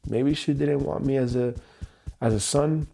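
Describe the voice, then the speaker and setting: A man hosting a tapping livestream, speaking slowly and candidly about his past feelings in a personal, reflective way. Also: mid-range voice, gravelly, dark tone, soft background music. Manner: slow, candid, searching self-reflection. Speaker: EFT tapping livestream host. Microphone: livestream mic.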